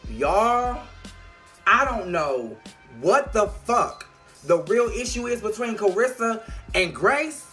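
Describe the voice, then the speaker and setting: Woman reviewer, brassy and profane, bright edge, faint music underneath. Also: medium pitch, takes it slowly. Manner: sassy, profane, animated. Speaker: TV show reviewer. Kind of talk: casual video review.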